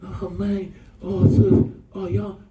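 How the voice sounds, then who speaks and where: Speaking slowly before a crowd, a preacher calls on his congregation for responses, alternating humor with warnings and spiking to an excited high pitch. The sound comes from far back in a roomy church.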